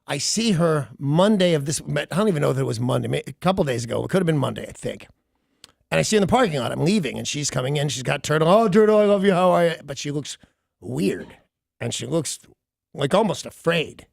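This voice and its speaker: A middle-aged man, a radio host, telling an animated story in a casual talk segment and mimicking other people's voices. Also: fairly high pitch, a little fast, vocal fry, breathy edge, no echo, studio quality.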